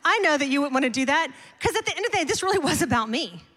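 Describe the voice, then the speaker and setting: A middle-aged woman pastor preaching a sermon, telling a personal story in an animated, emphatic way with repeated refrains. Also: high voice, racing. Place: large church auditorium. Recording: long hall reverb.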